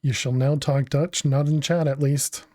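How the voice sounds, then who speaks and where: A man's voice: mid-range voice, no room sound, clean studio sound. A man streaming a video game, chatting casually as he thinks aloud and answers his chat, often laughing. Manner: laughs often, relaxed and unhurried. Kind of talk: casual gaming livestream commentary.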